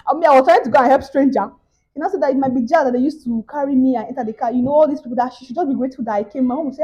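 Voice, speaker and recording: A woman's voice: sits high, rapid-fire, mellow, slightly rough, muffled recording. A young Nigerian woman with a Nigerian accent, telling a story in a casual vlog and acting out the other people's voices. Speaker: vlogger.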